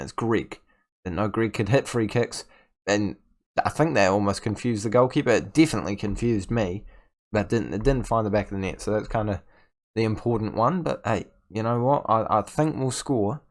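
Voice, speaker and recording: A young man giving casual commentary on his football management game, getting frustrated with his team and stammering through restarts as he rants at the players. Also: medium pitch. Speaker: gaming YouTuber.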